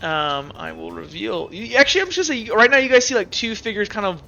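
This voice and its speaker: A man's voice: sits high, lively intonation, fast talker, gravelly, sharp tone, muffled recording. A man narrating a tabletop game as game master, rambling with many fillers.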